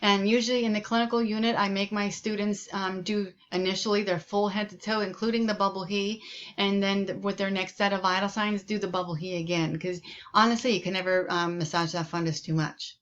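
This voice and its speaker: A woman's voice: mid-range voice, steady tone, brisk, a bit bright, dull audio. A woman nursing instructor giving a recorded lecture in a loose, conversational way, with frequent ums and repeated words. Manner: many ums, conversational and repetitive.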